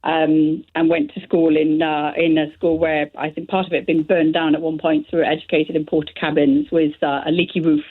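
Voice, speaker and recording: A woman from South Wales calls in to a radio show, chatty and hesitant, laughing easily. Her voice is on the lower side. It comes through a thin, tinny phone line. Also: level tone, a little fast, hardly any pauses. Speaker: caller. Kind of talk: phone-in call.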